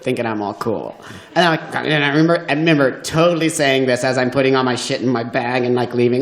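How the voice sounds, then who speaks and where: A man at a live storytelling event, recounting his tale with animated energy. He laughs often and slips into quoted voices. His voice sits at an ordinary pitch and carries the echo of a roomy hall. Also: fast. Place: event venue.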